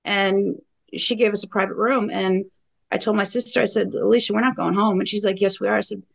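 A middle-aged woman speaks as a guest, her voice carrying a gravelly edge. She tells her story bluntly and with emphasis, leaning on repeated phrases and fillers. Her pitch sits in an ordinary middle range for a woman. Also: fairly even intonation, brisk, poor audio. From New York. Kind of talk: personal account in a podcast interview.

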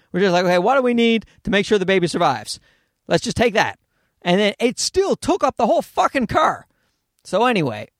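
A man riffing through a casual comedic podcast monologue, swearing freely and wandering off on tangents. His voice sits high and leaps around in pitch. The sound is dry and close, with no room around it. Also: dry recording. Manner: profane, rambling, animated with tangents. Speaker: podcast host.

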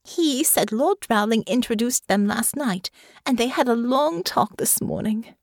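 A woman voicing Honor, a frightened, earnest young noblewoman, in a high, trembling, pleading voice in an audiobook. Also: animated, measured pace, no echo, studio quality. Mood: insistent. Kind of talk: audiobook character voice.

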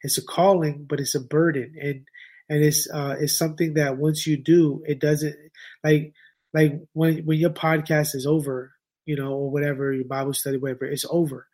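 Male podcast guest, slightly high voice, slangy and emphatic, repeats lines for weight. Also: flat delivery, normal speed, darkish tone. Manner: informal slang, emphatic repetition. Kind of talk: casual chat.

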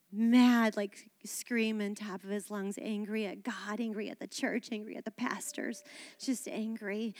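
A woman pastor preaching a sermon on stage, animated and dramatic, acting out quotes. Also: medium pitch. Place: church stage.

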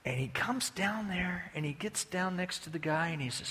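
A man's voice: high-pitched, expressive, normal speed, pushed and bright. A man preaching a sermon as a folksy, joking storyteller, with long hall reverb behind him.

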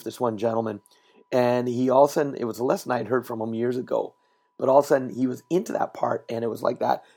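A male podcast host speaking at a middling pitch with a gravelly, fry-tinged edge. He tells stories in an animated way and repeats key words for emphasis. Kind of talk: solo motivational podcast talk. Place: recorded while traveling.

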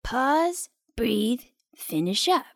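A woman's voice: a little high, sing-song, gravelly, dry recording, clean studio sound, heavily acted. A woman voicing a spirited young girl who plays guitar in a children's audio drama, upbeat and playful. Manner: upbeat and playful, drawn-out delivery.

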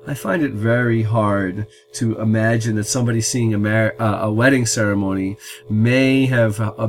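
Man explaining an old text step by step. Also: medium pitch. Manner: thoughtful, explains step by step with "um" and "uh" pauses. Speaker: Talmud teacher and podcast host. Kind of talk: explanatory lecture on text wording.

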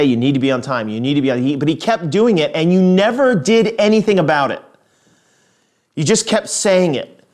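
A middle-aged pastor delivers his sermon like a conversation, telling stories and often restarting his sentences. His voice sits a little high for a man.

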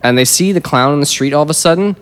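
A man co-hosting a podcast, giving a measured, thoughtful critique in a casual panel discussion. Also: on the high side.

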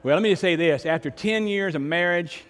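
Older pastor telling stories, voice a bit high, echo of a big hall. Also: male voice, brisk, fairly bright tone. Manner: storytelling, conversational with sudden emphatic rises. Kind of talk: sermon.

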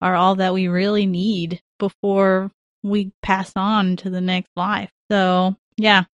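A woman's voice: mid-range voice, flat delivery, slow, no room sound, dull audio. A woman co-hosting a podcast, speaking earnestly and with feeling about a film scene, with light laughs along the way. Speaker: podcast co-host. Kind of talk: casual podcast chat about films.

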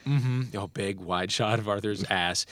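A man's voice: lowish voice, measured pace, no room sound, studio quality. Man casually recapping a movie. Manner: animated storytelling with laughs and profanity. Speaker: podcast host. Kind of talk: casual chat. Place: Los Angeles area.

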